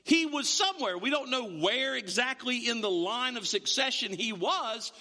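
Lively, sharp-voiced male preacher. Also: very high voice, normal speed. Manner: animated, self-interrupting storyteller. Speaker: pastor. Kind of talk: sermon. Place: church sanctuary, also streamed online. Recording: long reverb of a church hall.

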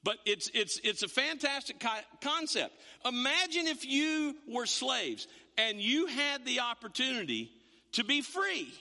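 Animated male preacher in a reverberant hall. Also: very high-pitched, a little slow, creaky. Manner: animated, repeats words, acts out quotes. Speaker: pastor. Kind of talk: sermon.

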